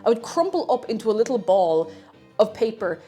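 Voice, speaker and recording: A woman's voice: fairly high pitch, sing-song, fairly quick, mellow, faint music behind. A woman chatting casually and playfully with her viewers while cooking in her home kitchen on a livestream. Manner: playful rambling banter with chat. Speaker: streamer. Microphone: streaming mic.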